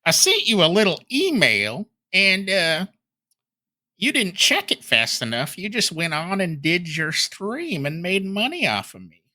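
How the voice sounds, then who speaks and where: A man's voice: fairly low pitch, lively intonation, measured pace, bright, forceful tone. A man putting on a mocking, exaggerated impression of a whiny, self-pitying male streamer.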